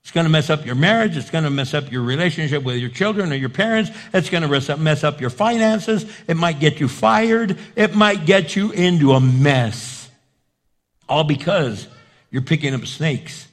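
A man's voice: fairly high pitch, animated, normal speed. A male pastor preaching a sermon with emphatic repetition and rhetorical questions.

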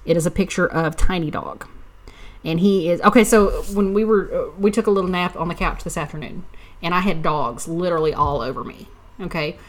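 A woman's voice: fairly low pitch, fairly quick. A woman co-hosting a casual podcast, telling chatty stories and laughing often. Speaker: podcast co-host. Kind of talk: casual chat.

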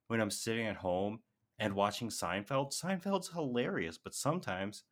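A man's voice: fairly low pitch, lively intonation, moderate pace, a bit bright. A young man co-hosting a podcast, telling stories in casual chat, laughing often and using lots of fillers. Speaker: podcast co-host and music teacher.

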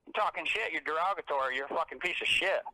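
Furious high-voiced male caller. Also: fast talker, pushed and bright, no room sound, rough recording. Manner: aggressive, threatening, heavy cursing. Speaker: angry caller. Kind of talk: profane phone rant.

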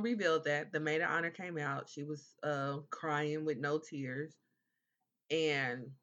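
A young man co-hosts a laid-back podcast and talks slowly and deliberately. His voice is bright and a little high. The recording sounds somewhat dull and lo-fi. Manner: laid-back, agreeing with frequent "right", long recaps. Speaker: podcast co-host. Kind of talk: casual chat.

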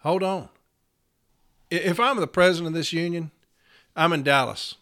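A man's voice: on the high side, fairly quick, sharp tone. A man, hosting his podcast in an angry, profane solo rant. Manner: furious, profane, fiery. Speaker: podcast host.

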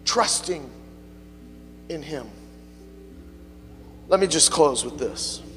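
Male pastor, high voice, fervent call-and-response preaching; church hall reverb, faint hum. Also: expressive, takes it slowly, a bit bright, soft background music. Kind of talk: sermon. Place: church sanctuary.

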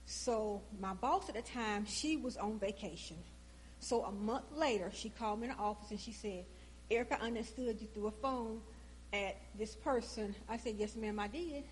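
A woman tells a personal story in a relaxed, chatty way. Her voice sits a little high and gets animated as she plays each side of the conversation. A faint hum runs underneath. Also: moderate pace. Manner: animated, acts out both sides of the conversation.

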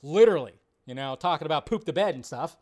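High-pitched man ranting on a live show. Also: fast talker. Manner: rambling, swears often, animated rants. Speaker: host. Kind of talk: casual live show chat.

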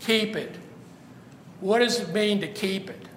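High-voiced man preaching slowly. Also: animated, a bit bright, roomy sound, long reverb tail, a little hiss or hum. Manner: questioning, rhetorical, emphatic. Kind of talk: sermon.

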